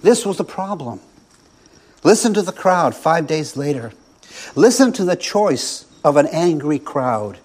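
Emphatic preacher with a higher male voice. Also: big pitch swings, darkish tone, breathy edge. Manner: rhetorical repetition with slow, emphatic pauses. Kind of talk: sermon.

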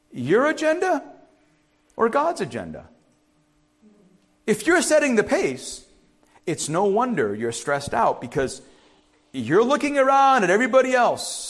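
A middle-aged man preaching a sermon as pastor, urging loudly one moment and dropping to quiet asides the next. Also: very high-pitched, measured pace, pauses often. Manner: animated, swings from loud urging to quiet asides.

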